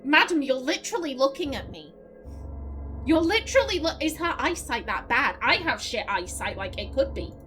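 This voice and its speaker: A woman's voice: high-pitched, very animated, moderate pace, a bit bright, low-quality recording. A woman streamer commenting on a game as she plays, chatty and casually swearing. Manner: chatty, swears, talks to herself. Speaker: let's play streamer. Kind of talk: gaming commentary. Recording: voice over game music.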